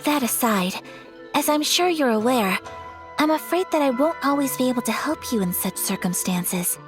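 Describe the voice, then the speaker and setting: Formal, courteous game noblewoman, slightly high voice. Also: expressive, moderate pace, over music. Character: poised noblewoman, eldest daughter of a clan. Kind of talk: video game voice acting.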